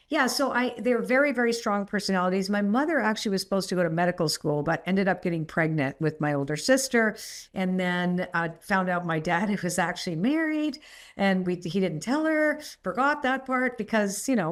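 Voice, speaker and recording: A middle-aged woman, a podcast guest, telling personal stories in a rambling, animated way and laughing often. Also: mid-range voice, normal speed. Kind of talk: candid storytelling interview.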